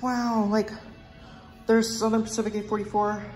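Young woman, phone vlog in a museum, rambling excited commentary, mid-pitched voice. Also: moderate pace, soft background music. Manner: rambling and enthusiastic, many fillers; drops to a hush at times. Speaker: vlogger. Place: indoor train museum.

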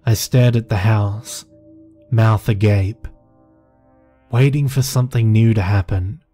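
A man narrating a horror story in a slow, measured first-person telling. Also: lowish voice, mellow. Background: faint music.

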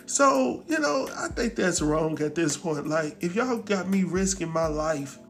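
A man's voice: fairly high pitch, expressive, a little slow, creaky, fairly bright tone, soft background music. A man casually recapping a drama episode, acting out the characters' lines and talking back to them. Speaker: TV recap host.

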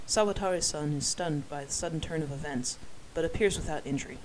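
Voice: mid-range voice, steady tone, brisk, hardly any pauses, a little hiss or hum, low-quality recording. Amateur narrator with wry asides. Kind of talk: amateur first-person novel reading.

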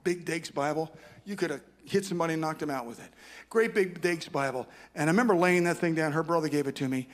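A man's voice: fairly high pitch, quick pace. An older man speaking at a conference, telling a personal story as a sermon, rambling and self-deprecating with many restarts.

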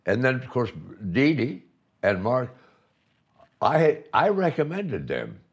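A man's voice: mid-range voice, huge pitch swings, takes it slowly, slightly rough, lo-fi sound. An older man telling playful stories in a casual conversation, laughing often as he talks. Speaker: honoree in conversation. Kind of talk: casual reminiscing chat.

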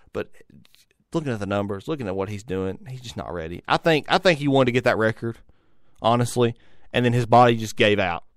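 A man's voice: mid-range voice, expressive, a little fast, fairly bright tone, no echo, clean studio sound. A young adult man, hosting a solo sports talk show, rambling with frequent restarts and repeated words. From Tennessee. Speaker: sports radio host.

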